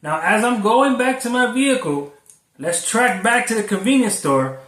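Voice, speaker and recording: A man's voice: sits high, expressive, normal speed, fairly bright tone, distant mic. A man, a food delivery driver, telling a story in a rambling, conversational way with frequent cursing. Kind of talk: casual storytelling vlog. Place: Florida. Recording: echoey, from away from the mic.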